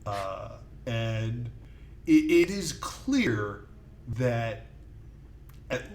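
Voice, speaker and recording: A man playing a tabletop role-playing game, talking in a halting way with many fillers and restarts. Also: mid-range voice, sing-song. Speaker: player and host. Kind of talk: casual tabletop role-play.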